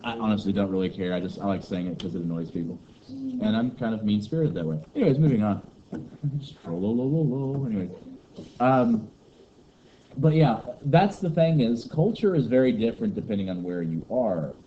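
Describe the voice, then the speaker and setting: A man's voice: fairly low pitch, animated, a little fast. A man from giving a rambling, joking lecture to a class. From Kentucky, USA. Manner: joking, rambling teacher banter. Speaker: teacher. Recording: muffled classroom recording with faint noise.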